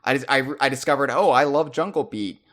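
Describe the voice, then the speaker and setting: A young American man hosting a podcast, talking casually and excitedly with frequent restarts and repeated words. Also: medium pitch. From United States. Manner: animated, often halting, restarting and repeating words. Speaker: podcast host. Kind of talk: casual chat.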